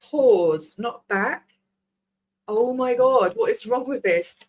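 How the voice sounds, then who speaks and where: A woman's voice: on the high side, takes it slowly, a little mellow. A woman, rambling casually as she signs off her livestream, swearing freely. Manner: chatty, scattered, swears freely. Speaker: vlogger host.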